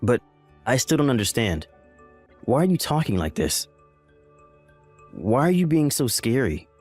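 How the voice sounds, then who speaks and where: A man acts out a bewildered husband in a text-message story drama. His voice is mid-pitched and swings widely as he fires off alarmed questions. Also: very animated, a little slow, a little mellow, slightly rough, soft background music. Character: bewildered husband, pleading and confused.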